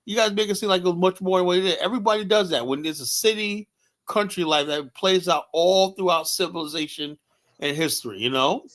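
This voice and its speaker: A man's voice: high-pitched, fairly quick, a bit bright. A man with a New York accent hosting a heated discussion, talking emphatically and asking rhetorical questions. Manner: emphatic, rhetorical questions, frequent "you know". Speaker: host.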